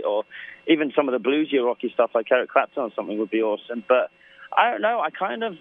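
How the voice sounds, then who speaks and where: A man's voice: mid-range voice, dry recording. An English man talks casually in an interview, joking and rambling through his stories. His voice comes through dry, close and tinny, the way a phone line sounds. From England. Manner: joking, storytelling, loose and rambling. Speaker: guest musician.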